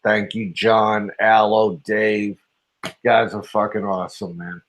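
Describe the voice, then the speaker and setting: Slow-talking crude male stream host. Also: lowish voice, level tone, a bit bright, rough recording. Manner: crude, profane and mocking, with frequent laughs. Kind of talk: casual live stream chat.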